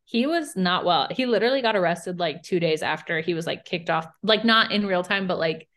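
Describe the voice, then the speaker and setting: A young podcast co-host with a lowish, fairly bright voice chats casually about reality TV. She's blunt, swears often and throws in quick asides.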